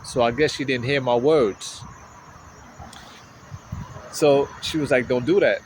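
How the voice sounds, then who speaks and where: A man telling a story in a casual vlog, animated and slangy, often checking in with the listener, outdoors on a city street. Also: medium pitch, slow pace, a little hiss or hum, rough recording. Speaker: vlogger.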